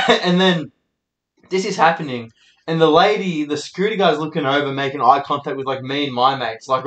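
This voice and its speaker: A man's voice: a little high, fairly even intonation, moderate pace, fairly bright tone. A young man, hosting and telling rambling, sweary stories. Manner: rambling, sweary, laid-back anecdotes. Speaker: host. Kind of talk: casual storytelling monologue. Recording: echoey room.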